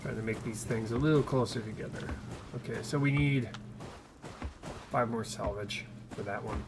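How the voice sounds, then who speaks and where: A man's voice: medium pitch, normal speed, over music. A man streaming a game live, talking it through casually and thinking aloud as he plays, often trailing off and restarting his sentences. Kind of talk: live gameplay commentary.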